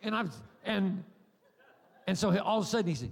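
A high-pitched, gravelly man preaching in a large church hall, his voice trailing off into long reverb. He tells his stories with a rambling, jokey energy and acts out the people in them. He is a middle-aged preacher from the United States. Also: brisk. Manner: animated, acts out voices and cries; humorous, rambling asides. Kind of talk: sermon with storytelling.

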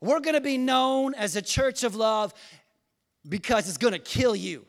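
A male pastor preaching a sermon in church, leading call-and-response and swinging between quiet, slow lines and loud shouts. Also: high-pitched. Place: church hall.

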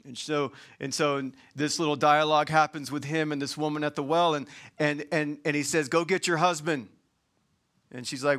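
A man preaching a sermon in a colloquial, folksy way, swinging from loud emphatic points to quiet asides. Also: mid-range voice, flat delivery, normal speed.

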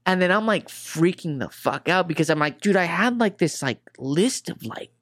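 A man's voice: high voice, lively intonation, normal speed, a bit bright. Rambling man telling a tour story. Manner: rambling, swears a lot, says "dude" and "like" constantly. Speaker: guitar tech guest. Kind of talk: casual chat.

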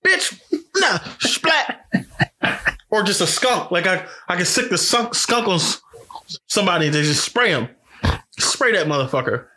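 Heated, profane, high-voiced man. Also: normal speed. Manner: angry, profane storytelling; animated, voice jumps up for quoted outbursts. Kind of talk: casual chat.

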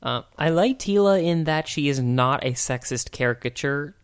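A man's voice: fairly high pitch, animated, moderate pace, clean tone. A man co-hosting a podcast, casually rambling and joking as he reviews an old cartoon. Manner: rambling, joking, laughs often. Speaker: podcast co-host.

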